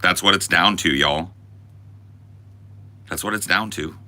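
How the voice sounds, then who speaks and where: A man's voice: deep voice, unhurried, bright, forceful tone. A man and podcast host in a profane, exaggerated comedic rant that swings into mock panic.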